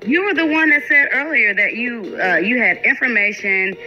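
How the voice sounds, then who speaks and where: A woman calling in to a livestream who speaks in a hesitant, halting way, with many fillers. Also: on the high side, lively intonation. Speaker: caller. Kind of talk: call-in conversation. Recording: dull lo-fi stream audio with music.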